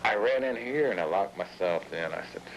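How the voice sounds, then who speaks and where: Gruff drunk man rambling a story. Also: fairly low pitch, lively intonation, fairly quick, slight background noise, low-quality recording. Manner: gruff, profane, self-mocking. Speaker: poet.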